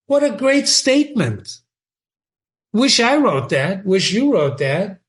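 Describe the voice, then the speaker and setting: A chatty, enthusiastic man who paraphrases old lines into everyday speech. He speaks slowly in a slightly high voice. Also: sing-song. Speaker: host explaining a play. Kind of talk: casual reading commentary.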